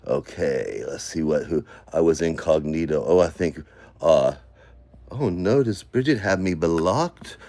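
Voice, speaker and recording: Brief: deep-voiced male vlogger, casual, mumbles while scrolling, flares into rants. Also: lively intonation, measured pace, dry recording. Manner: muttering to himself, then ranting loudly. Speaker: online commentary vlogger. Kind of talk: rambling casual commentary while scrolling comments.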